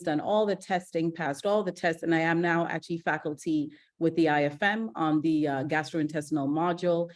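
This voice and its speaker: A middle-aged woman from Ghana, a gastroenterologist giving a lively online masterclass, chatty and energetic, with fillers and restarts. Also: sits low. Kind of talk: live online masterclass talk.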